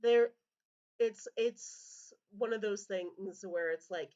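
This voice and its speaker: A woman narrating as game master of a tabletop role-play, hesitant and full of pauses. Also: medium pitch, a little mellow. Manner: hesitant, many ums and restarts. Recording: slightly dull lo-fi audio.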